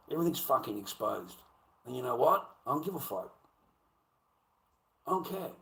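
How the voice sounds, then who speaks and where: A middle-aged man with an Australian accent holds forth on his own livestream. He swears constantly, circles back over the same points, and his voice sits at an ordinary middle pitch. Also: creaky, a bit bright, rough recording. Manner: profane, rambling, repeats himself. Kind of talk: casual livestream rant.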